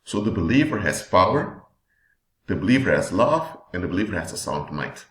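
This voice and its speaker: Male preacher, very low voice, deliberate sermon delivery, echoey room. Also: very animated. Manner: slow, deliberate emphasis with drawn-out words. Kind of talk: sermon-style teaching.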